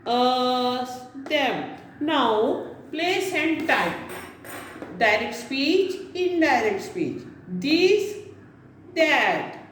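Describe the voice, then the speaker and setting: A woman teaching an English grammar lesson, explaining step by step and checking in with "okay?" as she goes. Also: sits high. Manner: explains step by step with many "now see" and "okay?". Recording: very echoey room with faint hiss.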